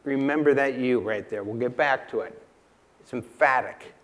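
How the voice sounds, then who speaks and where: A man preaching a sermon in a church, emphatic and unhurried, asking the congregation rhetorical questions and repeating key lines. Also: mid-range voice, fairly bright tone. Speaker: pastor.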